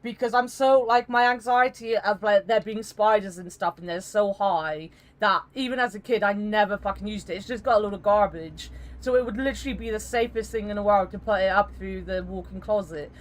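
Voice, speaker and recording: A woman's voice: medium pitch, a little fast, few pauses. A woman streamer in casual voice chat during a game stream, rambling and joking, swearing freely.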